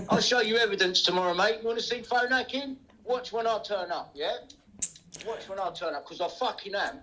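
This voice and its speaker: A man's voice: high voice, normal speed, bright, forceful tone, slight background noise, poor audio. A man ranting angrily on a livestream, swearing and taunting. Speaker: livestream host. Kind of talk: angry livestream rant.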